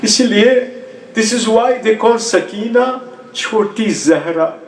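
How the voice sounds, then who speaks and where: High-voiced man preaching an emotional mourning sermon. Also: far from the mic, a little hiss or hum. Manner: emotive, slow, rising to cries. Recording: echoey room.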